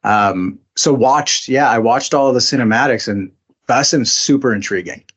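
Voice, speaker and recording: A man's voice: mid-range voice, moderate pace, fairly bright tone, husky. A man being interviewed as a voice actor, talking casually with many fillers and restarts. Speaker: voice actor guest.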